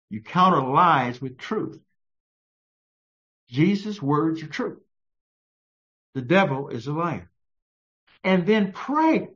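A fairly high-voiced man preaching a sermon, punching key words with sudden jumps in pitch and drawing out short commands slowly. At times he sinks into a low, hushed prayer voice. The recording sounds dull and lo-fi. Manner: drawn-out, stressed short phrases.

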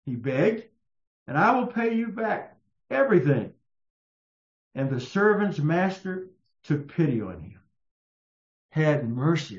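A man preaching a sermon in a slow, emphatic storytelling manner. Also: very animated. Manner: slow, emphatic storytelling with raised-pitch quotes. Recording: echoey, muffled room sound.

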